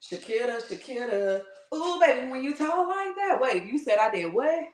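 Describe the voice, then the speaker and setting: A woman's voice: high-pitched, big pitch swings, normal speed. A woman voicing a smug, dismissive male devil who talks in slangy, scoffing asides. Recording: roomy echo.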